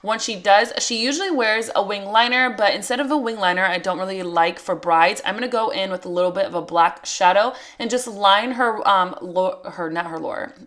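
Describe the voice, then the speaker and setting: A woman talks through a makeup tutorial in a relaxed voice-over. She is chatty and walks through every step in a friendly, conversational way. Her voice sits at an ordinary middle pitch. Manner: chatty, explains each step as she goes. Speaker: makeup artist.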